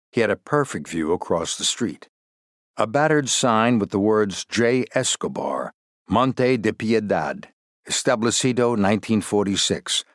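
In a clean studio recording with no room sound, a male audiobook narrator with a lowish voice works through a thriller novel. His scripted delivery stays steady and even, like a careful storyteller.

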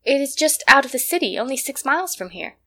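A woman reads the part of a kind older sister, gentle and a little anxious, her voice set higher than the narration. A storybook reading. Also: big pitch swings, fast talker, heavily acted.

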